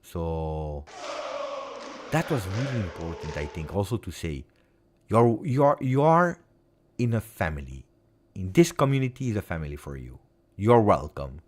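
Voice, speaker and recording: A man with an Italian accent chatting on his own live stream, his voice low in pitch but very lively in its rise and fall. He talks in an emotional, heartfelt way, repeating words and moving between loud bursts and near-whispers. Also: normal speed. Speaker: football fan channel host. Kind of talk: casual live-stream chat.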